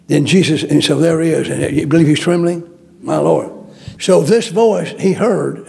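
A man preaching with a high, gravelly voice. He repeats his phrases, stumbles through restarts and leans hard on each point as he builds. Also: moderate pace, darkish tone. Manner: repetitive, emphatic preaching with stammered restarts. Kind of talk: sermon.

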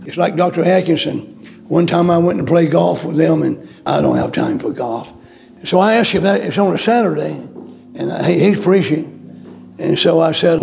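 Gravelly high-voiced preacher, pleading. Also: male voice, moderate pace, darkish tone, faint music behind. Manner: pleading, repetitive, with bursts of pitch. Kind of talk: sermon.

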